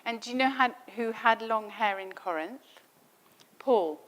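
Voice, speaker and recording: A woman's voice: fairly high pitch, measured pace, fairly bright tone. A middle-aged woman giving a theology lecture in a conversational style, thinking aloud and asking rhetorical questions. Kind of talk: spoken Bible teaching. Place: lecture at a summer school.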